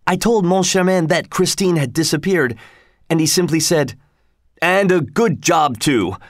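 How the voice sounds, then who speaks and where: A man voices a flustered, determined male acting manager who talks urgently and breathlessly, pitching above his own natural voice. The result is fairly high and expressive, a little slow. The studio sound is clean with no room sound.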